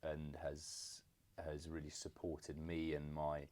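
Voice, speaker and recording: Very deep-voiced young man, hesitant chat. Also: monotone, slow pace. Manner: hesitant, many fillers and restarts, warm teasing. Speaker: podcast co-host, son. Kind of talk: casual conversation.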